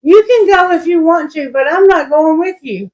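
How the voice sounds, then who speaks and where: A woman's voice: extremely high pitch, moderate pace, darkish tone, voice pushed up. A woman voicing a blunt, stubborn talking male donkey in a spoken Bible retelling. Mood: defiant. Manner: blunt, defiant.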